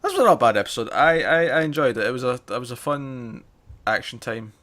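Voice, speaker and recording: A man chats as co-host of a review show. His pitch sits in the middle, and he laughs easily and trips over his own restarts as he talks. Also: brisk. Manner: lively, laughing, with frequent restarts. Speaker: podcast co-host. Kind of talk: casual chat.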